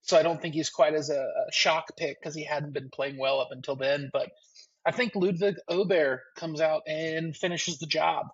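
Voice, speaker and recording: A man's voice: fairly high pitch, steady tone, moderate pace, slightly rough, highs cut off. A man joining a podcast as the golf guest, chatting with hesitant enthusiasm. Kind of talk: casual sports chat.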